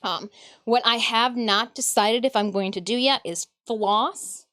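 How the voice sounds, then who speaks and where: This woman, a cosplayer from Michigan, USA, talks with her livestream audience as she crafts a costume indoors, often laughing and muttering to herself. Her pitch is fairly high, her tone a bit bright, and her delivery a little slow.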